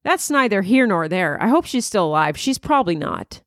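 A woman's voice: medium pitch, big pitch swings, normal speed, dry recording, clean studio sound. A woman comedian hosting her podcast, rambling through a crude, self-mocking comedic monologue. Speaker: comedian host.

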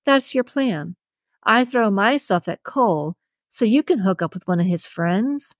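A woman's voice: medium pitch, animated, measured pace, dry recording, lightly acted. A woman reading a story, voicing a sensible young waitress who answers with wry, dry retorts.

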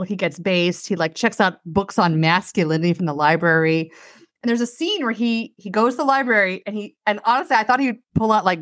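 Sardonic and animated, this podcast co-host retells a film in an easygoing chat, performing the quotes herself and saying "like" all the time. Her voice sits at a medium pitch, recorded in a clean studio with no room sound.

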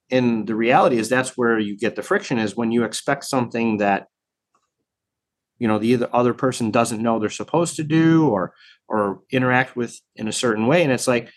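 A man talking in a relaxed interview as a training program director, thoughtful and full of fillers and restarts. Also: mid-range voice, moderate pace. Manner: reflective, many fillers and restarts. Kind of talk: casual conversation.

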